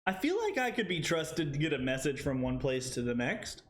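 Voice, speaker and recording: A man chatting casually with viewers during a live cooking stream, playful and quick to laugh. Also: fairly high pitch, slight background noise. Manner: playful, animated, laughs often. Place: home kitchen.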